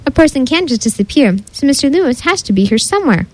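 A woman's voice: high-pitched, sing-song, fast talker, low-quality recording. A woman voicing a determined girl detective.

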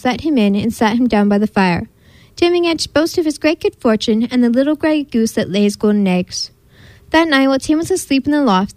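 A woman hosting a storytelling show, reading a picture book aloud with expressive narration. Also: a little high, no room sound. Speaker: host and storyteller.

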